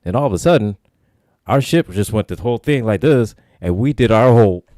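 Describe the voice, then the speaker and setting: A man's voice: fairly low pitch, expressive, warm tone, dry recording, studio quality, close to an everyday voice. A man voicing a male starship captain as a slangy dude who fires off questions. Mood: demanding. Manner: casual slang, rapid-fire questions.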